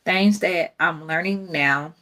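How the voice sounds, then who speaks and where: A woman's voice: lowish voice, takes it slowly, a bit bright. A young adult woman, hosting a casual faith podcast in a rambling, candid way and laughing often. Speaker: podcast host.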